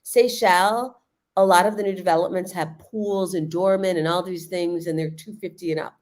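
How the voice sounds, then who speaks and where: A woman living in Lisbon, giving casual, animated explanations on a livestream and laughing often. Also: fairly low pitch, normal speed. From United States.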